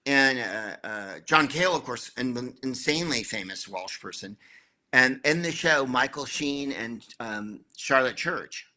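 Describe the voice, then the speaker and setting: A middle-aged man, a comedian guest in an interview, telling anecdotes in a wry, dry way with quick asides. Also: mid-range voice, lively intonation, pushed and bright. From United States.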